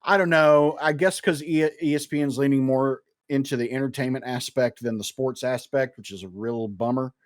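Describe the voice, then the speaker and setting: A young man with a mid-pitched voice chatting on a podcast, hesitant and full of ums and uhs. The sound is close and dry. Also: fairly even intonation, normal speed, few pauses, dry recording. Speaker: podcast co-host. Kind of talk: casual podcast chat.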